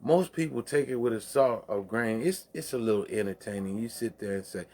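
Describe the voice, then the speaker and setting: A man's voice: lowish voice, lively intonation, fairly quick, hardly any pauses, mellow, slight background noise. A man hosting a casual late-night monologue, with loose, profane, preachy street talk, laughing at his own jokes. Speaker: livestream host.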